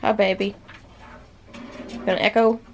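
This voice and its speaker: A woman's voice: mid-range voice, flat delivery, unhurried, a little mellow, a little hiss or hum. A woman vlogger chatting playfully to her pet parrot in teasing baby-talk, laughing often.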